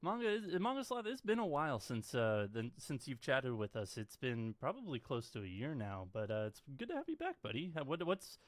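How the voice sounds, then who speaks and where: A man hosting a casual podcast over a voice call, relaxed and full of "yeah, no" fillers. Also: mid-range voice, brisk, few pauses, no echo. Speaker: podcast host. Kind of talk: casual chat.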